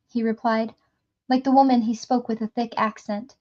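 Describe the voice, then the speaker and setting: A woman reading a novel aloud in a steady storytelling manner, with small slips and restarts. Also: a little high, a little slow, dull audio. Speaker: audiobook reader. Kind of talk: reading a novel aloud, voicing characters lightly.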